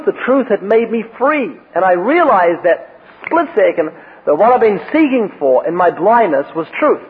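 A man with a high voice preaches a sermon, telling stories and acting out quoted lines with emphasis. The sound is thin and phone-like, like an old radio broadcast, with a long echo trailing behind him. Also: slightly rough.

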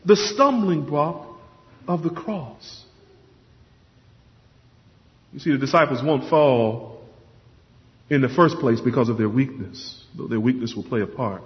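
A man preaching a sermon, earnest and emphatic, often repeating words as he stresses a point. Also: high voice. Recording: dull lo-fi sound with long hall reverb.

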